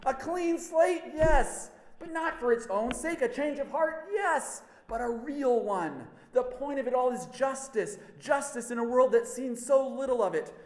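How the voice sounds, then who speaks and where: A man's voice: very high voice, roomy sound, voice pushed up. A man voicing a furious, wild-bearded desert prophet who scolds the crowd in a thundering, urgent rant, within a dramatized sermon.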